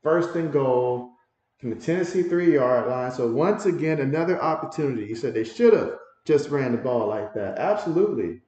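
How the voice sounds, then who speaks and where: A man hosting a livestream, giving casual play-by-play commentary and reading viewer comments aloud with excitable reactions. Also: mid-range voice, normal speed. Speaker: livestream host doing play-by-play. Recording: very echoey room.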